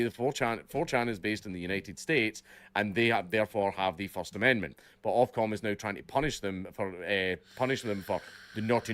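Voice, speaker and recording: A man's voice: fairly low pitch, fairly bright tone, no echo. A man co-hosting a livestream, reading out news and commenting bluntly and profanely, often repeating himself. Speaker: livestream co-host.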